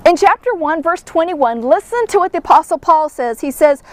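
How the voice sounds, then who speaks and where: A woman with a very high, bright-pitched voice leads a devotional Bible teaching. She speaks earnestly and lively, slipping into little acted-out voices for the people in the story. The sound is close and dry, with no room around it. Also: normal speed, few pauses, no room sound. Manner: earnest, animated, acts out quoted voices.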